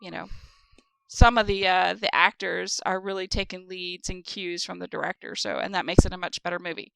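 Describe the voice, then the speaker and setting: A woman's voice: on the low side, fairly even intonation, fairly quick, gravelly, fairly bright tone, clean tone, no room sound. A woman co-hosting a podcast, telling stories in a rambling, chatty way with lots of fillers. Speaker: podcast co-host. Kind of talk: casual chat.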